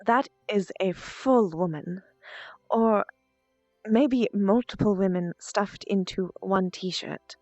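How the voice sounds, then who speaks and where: A woman voicing a calm, seductive adult woman librarian in a put-on posh English accent. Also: mid-range voice, slow, no echo, dull audio, soft background music. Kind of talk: in-character VR role-play.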